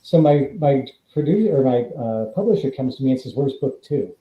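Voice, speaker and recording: A Californian actor and author, appearing as a guest, chats casually in an interview and animatedly acts out the voices in his stories. He speaks at a medium pitch and fairly quickly, over dull, roomy remote audio.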